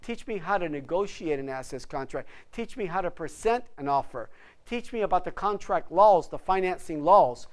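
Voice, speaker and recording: A man's voice: sits high, lively intonation, normal speed. A man who is a real estate broker, giving an instructional class to agents in an emphatic, motivational way and repeating words for stress. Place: office classroom.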